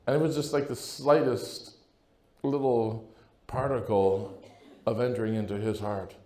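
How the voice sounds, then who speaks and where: A man with a warm, mellow voice gives an earnest talk to a conference crowd. He speaks in a casual, personal way and keeps checking in with his listeners. The sound rings in a large echoey hall. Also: medium pitch, steady tone, measured pace. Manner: earnest, conversational, keeps asking "right?". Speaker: priest.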